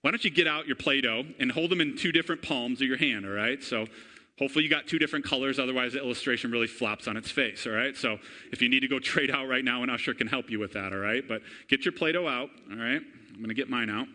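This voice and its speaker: A man in his thirties preaching a sermon to a congregation, energetic and chatty, often calling out for amens and asking the room questions. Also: medium pitch, fast. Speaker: pastor. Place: church before a congregation.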